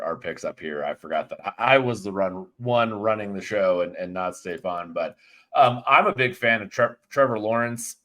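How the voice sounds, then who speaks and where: Casual male sports-betting cohost, lowish voice, loose rambling delivery with jokes. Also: a bit bright. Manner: rambling, filler-heavy, joking. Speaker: fantasy sports analyst.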